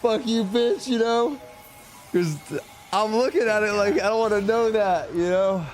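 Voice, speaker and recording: Profane young man, animated and high-voiced. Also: moderate pace, faint music behind. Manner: profane, animated, heated retelling. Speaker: streamer. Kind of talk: casual storytelling on a live stream.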